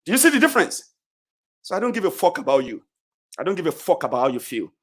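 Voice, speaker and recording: A middle-aged Nigerian man with a Nigerian accent delivering a heated, confrontational political rant, swinging between shouts and low mutters. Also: sing-song, fast talker. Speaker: political commentator.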